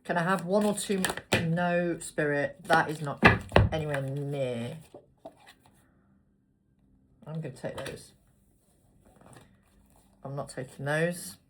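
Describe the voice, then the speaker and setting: A woman's voice: low-pitched, fairly even intonation, slow pace, long pauses, very noisy. A woman giving a casual tarot reading to her viewers, chatty and rambling, with spoken asides while she picks cards. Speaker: tarot reader.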